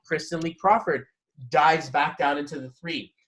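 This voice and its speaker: A man giving a casual one-on-one numerology reading, animated and quick to laugh. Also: on the high side, low-quality recording. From Canada. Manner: animated, laughs often, acts out inner voices. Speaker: numerology consultant.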